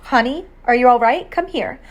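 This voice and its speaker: A woman's voice: high voice, moderate pace, lo-fi sound, close to an everyday voice. Woman reading a tender doting mother. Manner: tender, fussing. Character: proud, caring mother, middle-aged nurse. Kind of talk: audiobook character reading.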